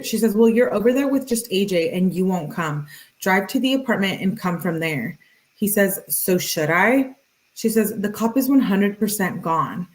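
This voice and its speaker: A woman hosting a true-crime video, reading text messages aloud in a flat, matter-of-fact voice with casual asides. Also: mid-range voice, rough recording.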